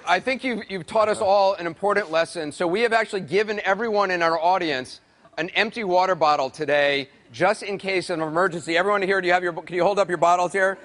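A man's voice: high voice, fast, fairly bright tone. A man hosting a talk show, asking short, amused questions.

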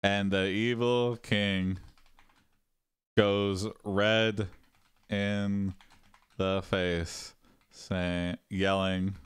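A man hosting an improvised AI adventure game, slowly dictating story actions in halting pieces. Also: low voice, level tone, clear, resonant tone, dry recording. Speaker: host typing story prompts. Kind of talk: improvised game play, casual.

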